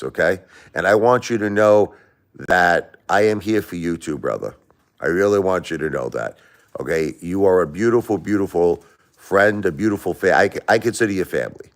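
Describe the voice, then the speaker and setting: A man with an East Coast American accent hosting a casual live stream from his home, talking emphatically and repeating himself. He has been sick for a few days and swings between loud protest and soft blessings. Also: sits low. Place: at home by a Christmas tree.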